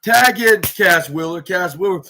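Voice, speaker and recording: A man with a fairly high-pitched voice recaps a wrestling show on his podcast. He talks in an excitable, rambling way and keeps restarting his sentences as he goes. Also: measured pace, a little hiss or hum. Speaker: podcast host.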